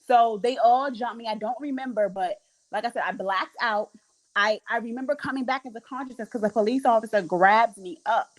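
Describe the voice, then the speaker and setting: A young woman telling a story in casual chat, animated and acting out the voices of people she quotes. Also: on the high side, brisk, low-quality recording. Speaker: podcast host.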